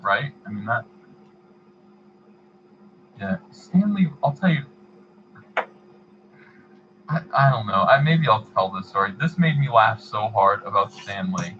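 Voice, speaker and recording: A man hosting a livestream, chatting casually and reading donations, in a rambling, halting way. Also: fairly low pitch, animated, a bit bright, dull audio, slight background noise. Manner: rambling, halting, many fillers and restarts. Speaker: livestream host.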